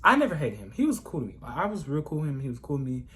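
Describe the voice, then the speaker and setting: A man's voice: a little high, huge pitch swings, racing, pushed and bright. A young man telling a casual storytime vlog in a chatty, gossipy way, often calling the listener "girl". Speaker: vlogger.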